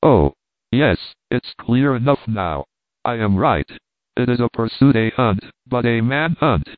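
A man voicing an excitable Scottish hunter who talks in an eager, urgent way, in a storybook reading. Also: medium pitch, measured pace, dry recording, close to an everyday voice. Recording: tinny phone-like dry sound.

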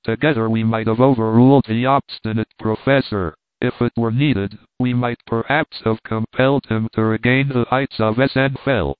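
A man narrating a classic novel in a steady, measured way, at a middle pitch. The recording is dry, with no room sound. It is thin and band-limited, like a phone line. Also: clear, resonant tone, no echo. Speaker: audiobook narrator. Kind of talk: scripted narration.

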